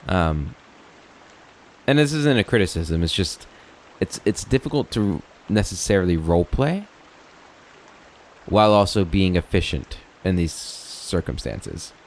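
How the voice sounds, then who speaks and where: A man's voice: deep voice, lively intonation, unhurried, long pauses. A man hosting a let's play, reading game text aloud and chatting in a rambling, easygoing way.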